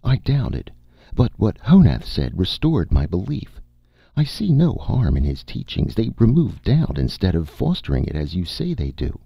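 Brief: earnest young woman pleading her case, read by a man, raised gentle voice, husky grain, dull audio. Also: deep voice, wildly swooping pitch, normal speed, no echo, pitched above the performer's own voice, exaggerated voice. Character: hesitant young tribeswoman, shivering but earnest. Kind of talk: audiobook character voice. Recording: dull, dry audiobook recording.

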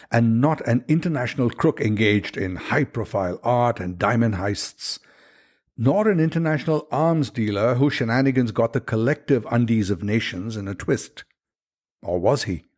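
A man hosting a podcast, reading a scripted introduction with a deliberate, slightly ironic delivery. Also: on the low side, darkish tone, husky. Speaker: podcast host.

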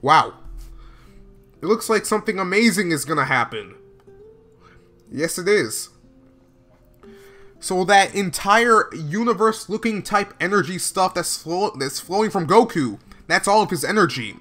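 Excitable high-voiced man reacting. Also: measured pace, long pauses, faint music behind. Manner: excitable, bursting into exclamations and laughs; slangy, casual filler talk. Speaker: reaction video host. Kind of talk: live reaction commentary.

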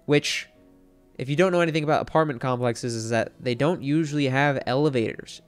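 A young male streamer tells a story in a casual, meandering way. He talks at a middling pitch, stacks filler words and swears often. Faint music plays in the background. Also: clean tone. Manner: rambling, heavy on "like" fillers and swearing.

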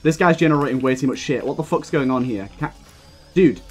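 A man's voice: mid-range voice, a little fast. A young man giving live gameplay commentary, ranting heatedly and swearing often as he plays. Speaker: gaming video creator.

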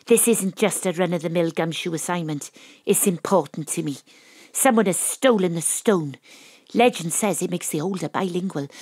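An earnest young woman detective, voiced by an actress talks with a low, slightly husky tone and quiet intensity. The sound is dry and close, from a home studio mic. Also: no room sound. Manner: earnest, pleading. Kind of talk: live-streamed audio drama acting.

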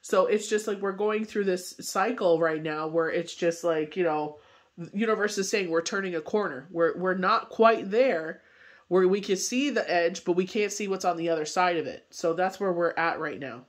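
A man's voice: sits high, moderate pace. A man reading tarot cards in a casual spoken forecast, talking in a loose, rambling way full of fillers. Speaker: tarot reader and medium.

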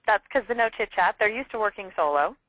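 A woman hosting a casual business interview, enthusiastic and talking in quick bursts. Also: mid-range voice, animated, a bit bright, no room sound, poor audio. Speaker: interview host.

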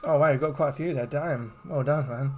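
A man's voice: a little high, brisk, a little mellow. A man streaming a horror game, chatting casually and rambling to his viewers. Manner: chatty, rambling, addresses chat. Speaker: gaming streamer. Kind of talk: casual live-stream commentary. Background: game music.

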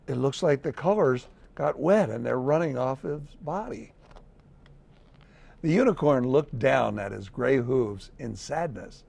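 A man, a city mayor, reading a children's picture book aloud in a gentle storytelling manner. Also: medium pitch, gravelly, slightly rough, no echo. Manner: gentle, slow storytelling with lively read-aloud voices.

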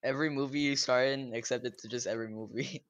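A man's voice: mid-range voice, fairly even intonation, quick pace, a bit bright. A man bantering with friends during a game, dryly teasing and laughing often. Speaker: gamer chatting with friends. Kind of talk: casual gaming banter.

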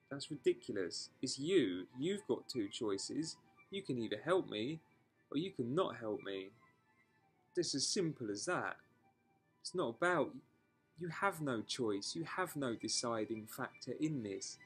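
A man's voice: medium pitch, lively intonation, unhurried, fairly bright tone, slightly rough, soft background music. Frank, sweary man vlogging. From England. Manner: frank, emotional, swears freely, talks in rambling restarts. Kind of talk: candid personal storytelling vlog.

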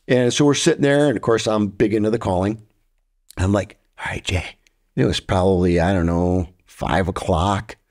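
A man's voice: on the low side, a little mellow. A man co-hosting a podcast, telling hunting stories with lots of animation and imitating deer calls and grunts. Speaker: podcast co-host. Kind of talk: storytelling.

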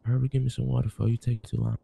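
A man's voice: medium pitch, level tone, racing, gravelly, warm tone, slight background noise. A man talking in character in a gaming roleplay, profane and pushy. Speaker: roleplay player.

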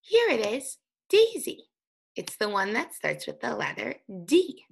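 A woman teaching an early reading lesson, speaking slowly and sounding out letters for young children. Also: mid-range voice, very animated, gravelly, a bit bright, breathy edge. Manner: slow, sing-song, sounding out letters.

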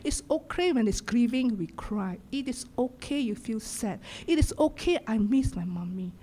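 A middle-aged woman pastor with a Singaporean English accent preaching a sermon in a church, swinging from loud exhortation to hushed whispers. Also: fairly high pitch, lively intonation, moderate pace. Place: church sanctuary.

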